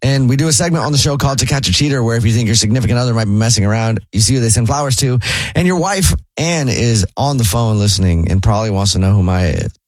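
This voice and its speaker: Fast-talking upbeat radio host. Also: male voice, no echo. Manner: upbeat, salesy pitch. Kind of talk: prank phone call. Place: radio studio.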